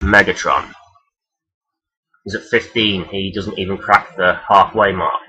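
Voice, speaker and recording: Man, deep voice, husky tone, casual vlog rant, swears a lot, lots of ums. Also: fairly even intonation, unhurried, pushed and bright, muffled recording. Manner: rambling, profane, many fillers. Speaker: vlogger ranking toy robot characters. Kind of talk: casual unscripted countdown talk.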